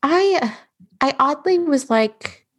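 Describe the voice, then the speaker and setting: A woman's voice: high-pitched, expressive, slow pace. A woman guest on an interview podcast, telling a hard personal story in a frank, matter-of-fact way with frequent fillers. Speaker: guest, bereavement doula.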